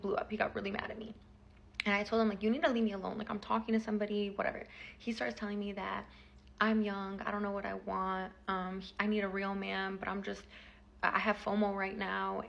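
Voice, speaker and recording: Young woman, casual storytime vlog, heavy vocal fry, chatty, lots of fillers. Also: medium pitch, highs cut off.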